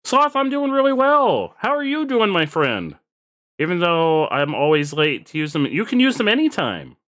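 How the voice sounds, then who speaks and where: A man's voice: sits high, very animated, normal speed, a bit bright. A man streaming a game, chatting casually and explaining things to viewers, often repeating himself. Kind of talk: casual live-stream chat while gaming.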